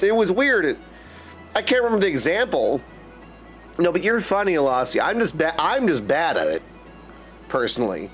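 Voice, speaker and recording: A young man hosting a live game stream in casual chat, effusive and greeting viewers by name. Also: sits high. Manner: chatty and effusive, greets viewers by name, keeps saying "my dude".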